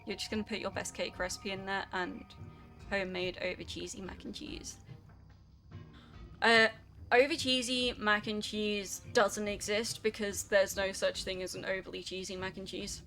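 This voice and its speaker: A woman's voice: medium pitch, level tone, normal speed, a bit bright, soft background music. A young woman streaming a game, chatting casually and rambling through stream chat with lots of fillers.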